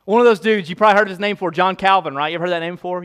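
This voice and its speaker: A man with a high-pitched voice preaches to his church. He reads long passages aloud in a lower, steadier tone, then climbs into loud, emphatic preaching that repeats its key lines. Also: rapid-fire, smooth. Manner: swings from low reading voice to high emphatic preaching. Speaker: pastor. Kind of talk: sermon.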